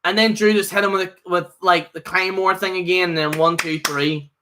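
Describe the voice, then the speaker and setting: A man's voice: high voice, little pitch movement, normal speed, noisy background. A man giving a casual, opinionated live review, rambling with lots of fillers and restarts. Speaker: wrestling show reviewer.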